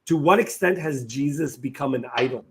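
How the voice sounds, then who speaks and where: A man's voice: mid-range voice, a little fast, over a noisy crowd. A man in a casual discussion, reflective and posing questions. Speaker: discussion participant.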